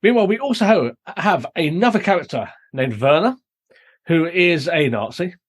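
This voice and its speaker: A man's voice: fairly high pitch, animated, moderate pace, slightly rough. British man recapping a plot. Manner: explanatory, recapping plot at length. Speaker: podcast host. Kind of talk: casual review chat.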